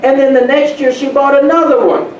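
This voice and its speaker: High-voiced man telling stories to a room. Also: brisk, muffled recording. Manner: storytelling, animated, laughs at own stories. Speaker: real estate speaker. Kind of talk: motivational talk to an audience. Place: meeting room. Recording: roomy, distant, faint room noise.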